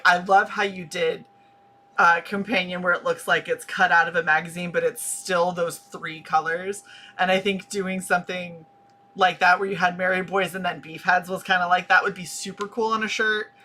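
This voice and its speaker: A woman hosting a casual interview chat, telling stories in an animated way and reading comments from the chat. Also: fairly low pitch. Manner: animated, laughing storyteller. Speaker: podcast host.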